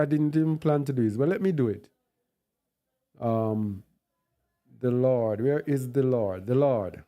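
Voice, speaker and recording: A man's voice: medium pitch, mellow. A man giving an unscripted bible teaching. He thinks aloud while searching on screen and repeats words for stress.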